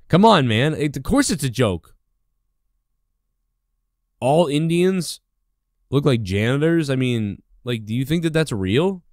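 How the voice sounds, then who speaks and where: A man's voice: mid-range voice, darkish tone, dry recording, studio quality. A man hosting his own podcast, ranting alone in a rambling, indignant way, with constant fillers and swearing. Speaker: podcast host. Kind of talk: solo rant.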